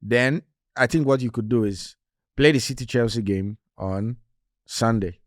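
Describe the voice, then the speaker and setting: A man's voice: medium pitch, measured pace, no room sound, clean studio sound. A man co-hosting a casual football podcast, talking in an emphatic way and repeating his points. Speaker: podcast co-host.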